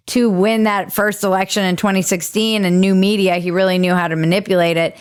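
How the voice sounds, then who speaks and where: Woman host, sarcastic, quick comic riffs, casual podcast banter. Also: mid-range voice. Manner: sarcastic, riffing. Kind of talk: casual comedic commentary.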